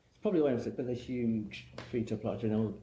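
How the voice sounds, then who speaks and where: A man's voice: on the low side, fast talker, mellow. A middle-aged man from England, a guest hairdresser telling long rambling anecdotes in casual chat. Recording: echoey room with faint noise.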